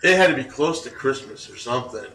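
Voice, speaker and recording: A man in his forties hosting a podcast, telling stories in a casual, animated way and laughing along, recorded in a roomy space from a distant mic. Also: medium pitch, quick pace, slight background noise. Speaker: podcast host. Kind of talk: casual storytelling.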